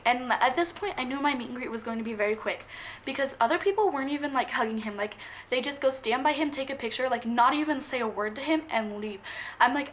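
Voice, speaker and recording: A young woman vlogger rambling excitedly as she tells a story to her camera, gushing and jumping between thoughts. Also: high voice, a little hiss or hum.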